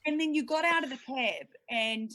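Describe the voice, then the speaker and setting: A woman, a sports broadcaster telling a lively story in casual podcast chat and acting out quotes. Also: high voice, moderate pace, no room sound. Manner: animated storytelling, acts out quotes.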